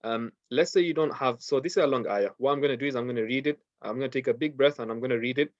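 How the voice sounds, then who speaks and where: A man's voice: mid-range voice, fast, no room sound, lo-fi sound. Patient man teaching Quran recitation rules. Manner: patient, repeats steps, recites verses in Arabic. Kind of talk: online class lesson.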